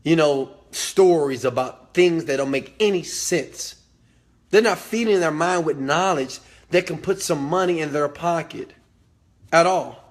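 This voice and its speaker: Preachy, slightly high-voiced man. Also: a little slow. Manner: emphatic and preachy, repeats phrases, swears. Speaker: host. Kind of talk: motivational talk.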